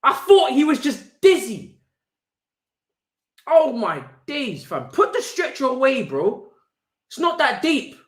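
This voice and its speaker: A man's voice: very high voice, sing-song, slow pace, long pauses. A man hosting a live football watch-along, ranting in exasperated slang. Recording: roomy echo.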